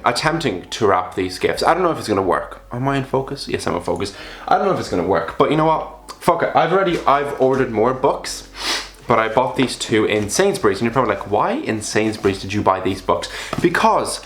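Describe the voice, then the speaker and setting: This young man's mid-range voice has a fairly bright tone as he talks casually to the camera at home in his apartment. He's chatty and self-mocking, wandering from point to point, and the room carries a lot of echo.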